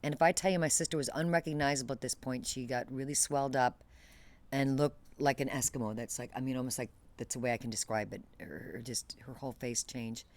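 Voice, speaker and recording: A woman's voice: a bass voice, steady tone, fast talker. A woman interview guest telling a painful personal story in a detached, matter-of-fact way, often restarting and trailing off mid-phrase.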